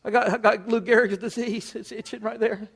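A man's voice: high-pitched, steady tone, a little fast, creaky, breathy edge. A man preaching a folksy sermon, acting out little scenes in different voices.

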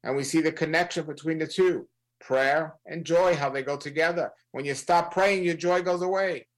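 A man leading a prayer session and preaching to listeners, earnest, repeating phrases and slowing down to stress them. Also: fairly high pitch, low-quality recording. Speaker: prayer leader. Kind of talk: sermon-style prayer broadcast.

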